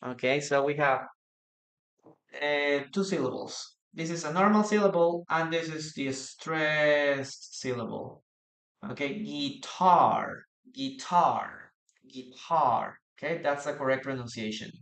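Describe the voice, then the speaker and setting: A man's voice: on the high side, unhurried, a bit bright. A man with a Peruvian Spanish accent, a native Spanish speaker, teaching a live online English lesson, repeating phrases for practice and answering viewers' comments.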